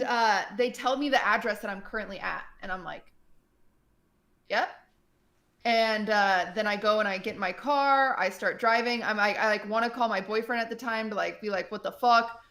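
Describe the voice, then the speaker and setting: A woman streamer in casual chat, telling a story in an animated way, full of fillers and acted-out quotes. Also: a little high, normal speed.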